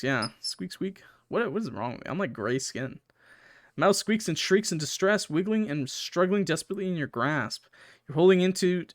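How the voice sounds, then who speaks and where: A man's voice: fairly high pitch, pushed and bright, dry recording, studio quality. Young man reading game text dramatically. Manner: swings between dramatic reading and swearing asides. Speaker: gaming YouTuber. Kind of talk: let's play commentary, reading game text aloud.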